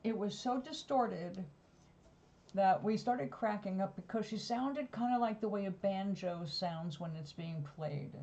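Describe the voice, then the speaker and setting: Warm-voiced New woman rambling. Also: medium pitch, unhurried. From New York. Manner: rambling, digressive storytelling. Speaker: vlogger. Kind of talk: casual chat. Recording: slightly dull lo-fi recording.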